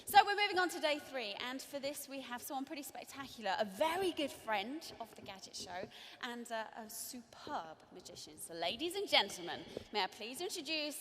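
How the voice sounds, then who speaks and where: A woman's voice: a little high, animated, fairly quick, few pauses, a bit bright, slight background noise. A woman co-presenting live on stage, upbeat as she moves the show along. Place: large arena stage. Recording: long arena reverb.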